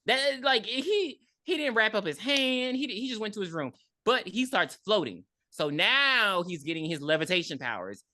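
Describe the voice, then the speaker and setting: A woman's voice: mid-range voice, normal speed, no room sound. A woman co-hosting a podcast, casually recapping a film and acting out the characters' lines. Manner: animated, acts out characters in quotes. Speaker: podcast co-host. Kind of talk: casual movie recap chat.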